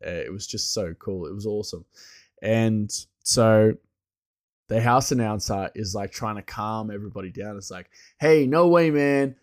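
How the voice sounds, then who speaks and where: A man's voice: fairly low pitch, a little mellow. A man chatting casually and enthusiastically, rambling with lots of "like" and "you know" and frequent restarts.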